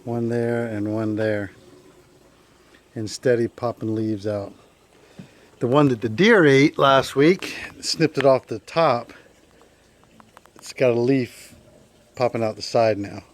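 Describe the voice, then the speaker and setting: A man chatting casually in a video diary outdoors on his farm, with a relaxed manner. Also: mid-range voice, slow, pauses often. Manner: relaxed, chatty, repeats "anyhow". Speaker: vlogger. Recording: outdoor camera audio with rain noise. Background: rain.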